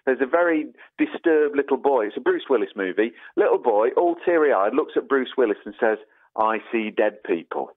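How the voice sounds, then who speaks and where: A man's voice: mid-range voice, animated, a little fast, hardly any pauses. A man, a podcast guest chatting emphatically and often saying mate. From England. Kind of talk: casual conversation. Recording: phone-like audio line.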